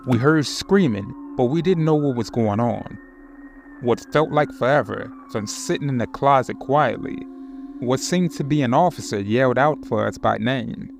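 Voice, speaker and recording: A man narrating scary home-alone stories in a measured, suspenseful way. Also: mid-range voice, animated, gravelly, a little hiss or hum. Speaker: horror story narrator. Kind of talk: scripted narration.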